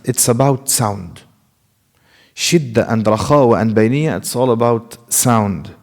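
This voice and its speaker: A Quran recitation teacher in a mosque classroom lectures in a mid-range, slightly mellow voice, with a long reverb tail. He explains with care, models the sounds on his own, and asks the class rhetorical questions.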